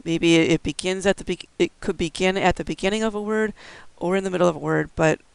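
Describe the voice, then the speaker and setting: A man's voice: high voice, steady tone, quick pace, vocal fry, clear, resonant tone, dry recording, poor audio. A man giving a recorded instructional lecture, explaining things step by step with occasional fillers. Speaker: braille instructor.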